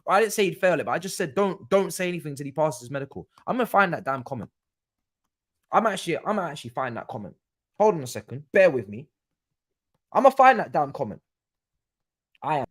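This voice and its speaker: A young man hosting a live football watchalong, chatting casually, repeating himself and swearing, going from mumbled asides to loud exasperated rants. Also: medium pitch, animated, brisk, long pauses. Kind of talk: casual live-stream chat.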